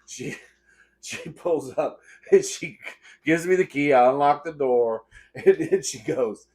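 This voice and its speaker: A man's voice: on the high side, slow. Middle aged guy from the texas coast, swears a lot, laughs thru his funny stories on his eating show. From Texas Gulf Coast. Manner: animated, profane and laughing. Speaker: host. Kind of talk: comedic storytelling while eating.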